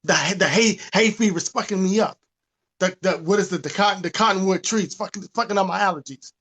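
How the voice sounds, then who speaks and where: High voiced guy ranting on a podcast, lots of cussing. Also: brisk, breathy edge. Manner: animated, profane, preachy. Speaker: podcast host. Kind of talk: casual rant.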